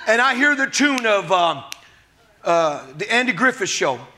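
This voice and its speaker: A man preaching a sermon from the United States, animated, asking the congregation rhetorical questions and acting out quotes. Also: very high-pitched, normal speed. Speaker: pastor.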